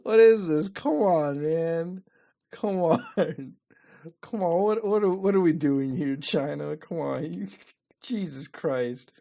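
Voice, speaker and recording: A man's voice: on the high side, slow pace, vocal fry. A man hosting an online video, reacting to websites in casual commentary, swearing constantly and often breaking into laughter. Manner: profane, excitable, mock-outraged, laughing.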